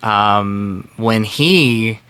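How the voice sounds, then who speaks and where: A man's voice: lowish voice, very slow, pushed and bright, clear, resonant tone. A man in his thirties giving a casual, earnest film review, rambling with lots of fillers and restarts. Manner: earnest and emotionally invested.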